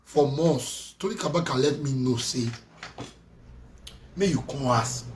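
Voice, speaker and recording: A man with a Nigerian Pidgin English accent, scolding and ranting in a heated monologue with swings between loud and soft. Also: mid-range voice, unhurried, long pauses, slight background noise. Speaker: social media commentator.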